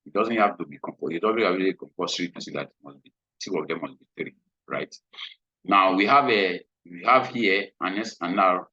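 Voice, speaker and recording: Deep-voiced man teaching, checking in with "hmm?". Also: a little fast, pushed and bright, slightly rough, no room sound. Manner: repetitive, checks in with frequent "hmm?". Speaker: trading instructor. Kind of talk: screen-share trading lesson. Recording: dull lo-fi recording.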